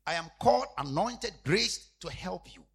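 A man preaching with a high, lively voice. His tone is bright and husky, and he repeats his phrases. He swings between shouted emphasis and low, quiet asides. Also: normal speed. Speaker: apostle preaching. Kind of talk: sermon.

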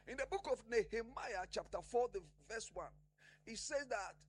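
A man's voice: very high-pitched, animated, moderate pace, slightly rough. A man preaching a sermon, emphatic, often asking the congregation a question and answering it himself.

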